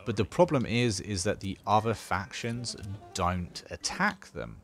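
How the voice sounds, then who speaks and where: A man's voice: on the low side, very animated, measured pace, creaky, soft background music. A man casually talking through a strategy game as he plays, thinking aloud with dry sarcasm. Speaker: gaming channel host. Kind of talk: casual gameplay commentary.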